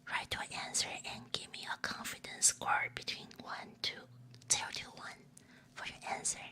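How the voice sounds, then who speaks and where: At a moderate pace and with a sharp tone, a young woman VTuber does a playful whispered role-play, giggling as she reads prompts aloud. She sprinkles in Chinese and Japanese, captured by a binaural 3Dio microphone.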